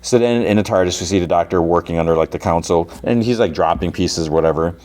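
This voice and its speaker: Man, podcast host, low voice, chatty recap, quotes the characters, lots of ums. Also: quick pace, darkish tone. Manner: chatty retelling, quoting characters with lots of fillers. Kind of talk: casual episode recap.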